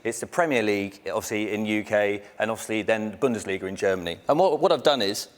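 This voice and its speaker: A man's voice: on the low side, fast, big-room sound. A man presenting a statistics segment on a talk show, explaining step by step and leaning on filler words. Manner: explanatory, repeats obviously.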